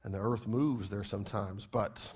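A man's voice: fairly low pitch, steady tone, normal speed, darkish tone, slightly rough. A man preaching a sermon as pastor, emphatic, repeating key phrases and firing rhetorical questions at the congregation.

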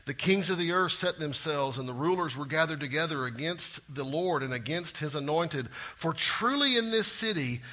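A middle-aged pastor delivers a lively sermon. His voice is strikingly bright and a touch high for a man. He drops to soft asides and then lifts into loud, animated exclaiming. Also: moderate pace, hardly any pauses.

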